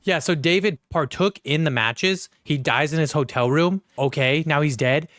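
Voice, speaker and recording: A man's voice: fairly high pitch, normal speed, a bit bright, dry recording, studio quality. A man co-hosting a podcast, chatting casually and ranting heatedly with lots of swearing. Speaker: podcast co-host. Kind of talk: casual chat.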